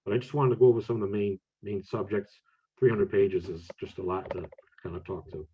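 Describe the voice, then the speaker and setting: A man, a medium and author, chatting casually and answering audience questions, with relaxed speech full of fillers and restarts. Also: fairly low pitch, a little fast, a little hiss or hum. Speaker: medium and author, guest speaker. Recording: tinny phone-like audio.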